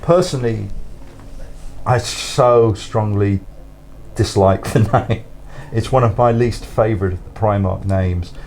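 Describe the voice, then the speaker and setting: A man's voice: on the low side, measured pace, a little mellow, a little hiss or hum. A man answering interview questions as a guest author in a studio, thoughtful and rambling, often repeating words and laughing.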